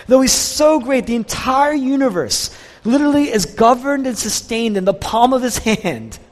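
A male pastor delivers an impassioned sermon, his voice rising and falling dramatically. He speaks with a high, very animated voice that rings out in a church sanctuary with long reverb. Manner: impassioned preaching, swings from loud to soft.

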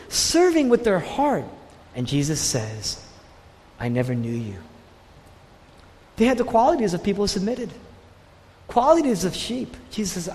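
Male preacher with a high voice, emphatic and repetitive delivery, recorded in a hall with long reverb. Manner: emphatic, repeats key phrases, drops to hushed tones for stress. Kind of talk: sermon.

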